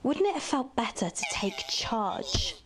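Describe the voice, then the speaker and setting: A woman's voice: fairly high pitch, sing-song, unhurried, faint music behind. An actress playing a scheming, devilish female TV presenter in a video game, with a taunting, purring manner. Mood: seductive taunting. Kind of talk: video game live-action acting.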